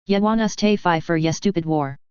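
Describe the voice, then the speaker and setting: Casting: gruff suspicious werewolf man voiced by a woman, growled clipped speech, dull dry audiobook sound. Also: on the low side, normal speed, dry recording, natural voice. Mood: hostile. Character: gruff protective male werewolf, rough and suspicious.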